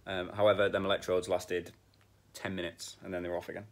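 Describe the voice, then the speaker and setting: A man's voice: low-pitched, level tone, fast talker. A man chatting casually in a vlog about dog training, blunt and swearing when frustrated. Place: outdoors in a field with dogs.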